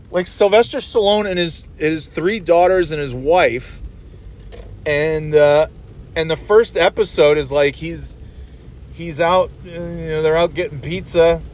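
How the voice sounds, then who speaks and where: A man's voice: a little high, unhurried. A man in his forties hosting a casual solo monologue from inside a moving car, rambling, swearing and full of fillers. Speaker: podcast host. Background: faint vehicle hum.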